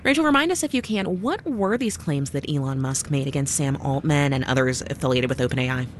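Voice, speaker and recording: A woman's voice: very deep voice, animated, brisk, a little hiss or hum. A woman anchoring a radio news program, introducing stories and questioning a reporter with poised delivery.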